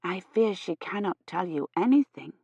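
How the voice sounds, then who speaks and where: A woman reading aloud, voicing a careful, gentle medieval noblewoman who speaks softly. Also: on the low side, lively intonation, moderate pace, vocal fry, breathy edge, dry recording, full character voice. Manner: soft-spoken and careful. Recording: slightly dull, dry audio.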